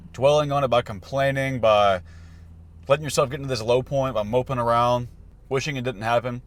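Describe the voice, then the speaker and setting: A young man and self-improvement coach, talking loosely to camera about life advice with lots of fillers and restarts. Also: medium pitch. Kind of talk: casual motivational talk to camera.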